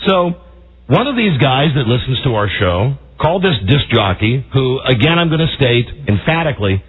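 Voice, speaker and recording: A man hosting a talk radio show, emphatic and indignant, with a husky voice. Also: medium pitch, big pitch swings, moderate pace. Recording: tinny phone-like radio audio.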